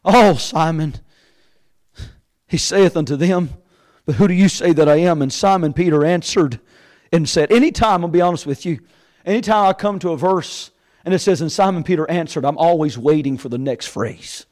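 A man preaching a sermon, swinging between shouted peaks and quiet, hushed asides. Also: on the high side, brisk, low-quality recording. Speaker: pastor. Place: church sanctuary with congregation.

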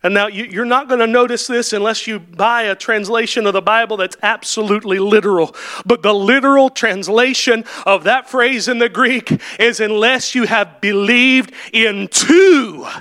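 High bright-voiced preacher man, swings from shouting to hushed, really fired up. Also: fairly even intonation, moderate pace. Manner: impassioned preaching, rising to shouts and dropping to near-whispers. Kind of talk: sermon.

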